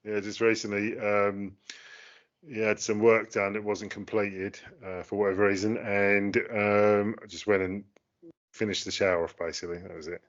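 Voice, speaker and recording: A man's voice: fairly low pitch, flat delivery, moderate pace, dull audio. A man co-hosting a casual chat, talking in British slang with many fillers and restarts. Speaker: co-host.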